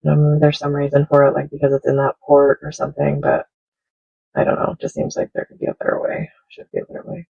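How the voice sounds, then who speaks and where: Middle-aged woman, craft vlog host, rambling casual chat, very gravelly, raspy, muffled phone audio. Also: deep voice, completely flat delivery, fast talker. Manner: chatty and rambling, with soft laughs. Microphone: smartphone.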